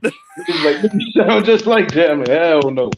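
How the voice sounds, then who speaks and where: A man's voice: sits high, fairly quick, a crowd in the background. A man with a Baltimore accent hosting a casual group chat, loose and laughing, with profane banter.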